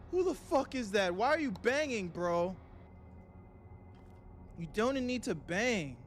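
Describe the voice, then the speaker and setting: High-voiced, jumpy young male streamer. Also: slow pace. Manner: panicky, excitable, swears often, repeats himself. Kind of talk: live game commentary.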